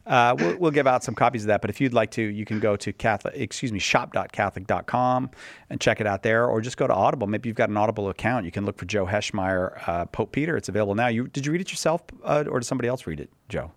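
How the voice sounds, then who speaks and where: A man's voice: lowish voice, fast talker, no room sound. A man hosting a live call-in radio show, joking around and rambling with lots of fillers. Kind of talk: casual live radio talk.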